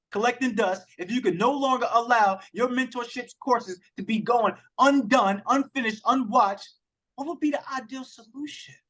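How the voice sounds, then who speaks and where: A man's voice: extremely high pitch, fairly bright tone. A man hosting an online accountability call, speaking with passion and talking straight to the group about mindset and selling. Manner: passionate, emphatic, addresses the group directly. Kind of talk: motivational coaching talk. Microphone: video call.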